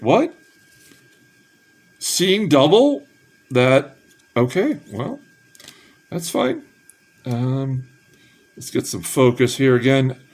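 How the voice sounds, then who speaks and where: Slow, unhurried man reading out cards. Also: medium pitch. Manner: reads names off cards in a slow, drawn-out way with offhand asides; perks up in bursts of excitement over good pulls. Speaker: card collector opening packs. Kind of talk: casual pack-opening commentary.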